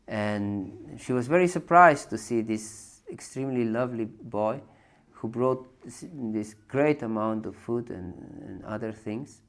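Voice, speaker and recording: Slow, halting male spiritual teacher. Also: mid-range voice. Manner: unhurried, halting with many fillers, chuckles often. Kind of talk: storytelling scripture lecture.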